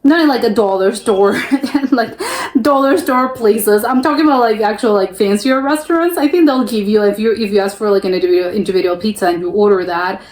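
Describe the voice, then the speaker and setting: Here a young woman from the United States talks fairly quickly in a mid-range, darkish voice while hosting a reaction video. The commentary is loose and chatty, peppered with fillers and restarts, and she's quick to laugh. There's noticeable echo in the room.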